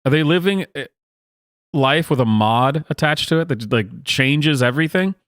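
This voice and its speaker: A man's voice: fairly high pitch, lively intonation, normal speed, a bit bright, dry recording, clean studio sound. A man hosting a show where he reacts to videos, talking sarcastically and laughing often. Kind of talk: casual reaction commentary.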